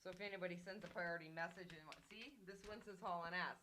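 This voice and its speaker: A woman co-hosting a call-in show, chatting in a soft, offhand way. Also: lowish voice, quick pace, a little hiss or hum. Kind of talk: casual radio banter.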